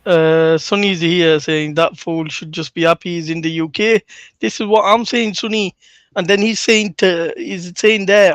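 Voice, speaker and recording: A man hosts a casual livestream and mocks what he watches in blunt, profane terms. His voice sits a little high for a man. The sound is dry and close. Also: fairly even intonation, normal speed, a bit bright, clean tone, no echo. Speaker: livestream host.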